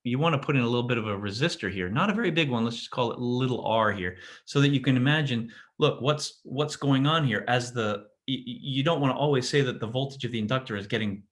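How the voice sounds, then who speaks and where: A man's voice: medium pitch, fast talker, few pauses. A man teaching physics in a casual classroom lecture, often restarting sentences and checking in with his students. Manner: casual, self-interrupting, checks in with "right?".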